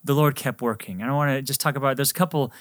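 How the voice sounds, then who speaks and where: Gentle priest hosting an interview, dry sound. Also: male voice, mid-range voice, fast talker, dry recording. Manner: gentle, hesitant with many uhs. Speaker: host, priest. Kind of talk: podcast interview.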